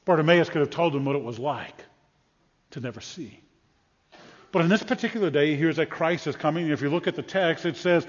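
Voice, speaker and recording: Man, preacher, dramatic sermon, acts out voices, high voice, long reverb. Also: a little fast. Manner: dramatic, acts out scripture voices, rising to loud calls. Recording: dull sound with long hall reverb.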